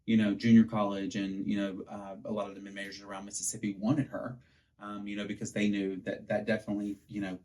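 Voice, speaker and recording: A man, co-hosting a podcast and telling coaching stories in a lively, animated way. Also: lowish voice, fast talker, slight background noise. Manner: animated storyteller, acts out quotes. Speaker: podcast co-host, pitching coach. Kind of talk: casual chat.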